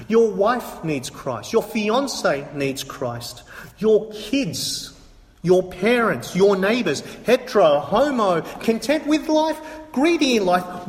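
A man preaching a sermon to a congregation, emphatic and repetitive, asking rhetorical questions. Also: high voice. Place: church hall. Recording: echoey hall from a distance.

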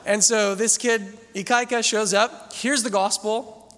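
A male pastor preaching a sermon in a church, telling stories casually and slowing down for emphatic scripture reading. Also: high-pitched, fairly even intonation, fairly bright tone. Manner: conversational storytelling that slows into emphatic scripture reading. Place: church sanctuary. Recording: echoey church hall.

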